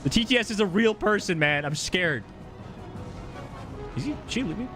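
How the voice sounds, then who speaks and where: A man's voice: high voice, expressive, moderate pace, music in the background. A male game streamer chatting casually and reacting with jokes, laughter and swearing. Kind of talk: casual live-stream chat.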